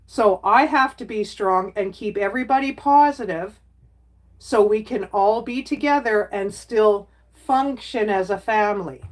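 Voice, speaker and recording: Slow-talking candid woman streamer. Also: mid-range voice. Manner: candid, talks straight to chat, plain-spoken. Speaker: livestreamer chatting with viewers. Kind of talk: casual livestream chat.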